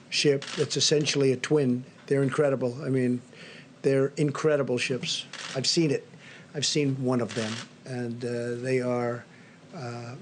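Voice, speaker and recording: Older man, press briefing remarks, repetitive, superlatives, mid-pitched voice. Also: a little hiss or hum. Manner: rambling, repetitive, superlative-heavy. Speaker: briefing speaker at press podium.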